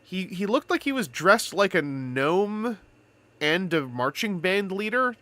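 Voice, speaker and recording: A man's voice: high-pitched, very animated, unhurried, pushed and bright, dry recording. A man from Canada chatting casually on a live stream, telling rambling stories with playful wordplay.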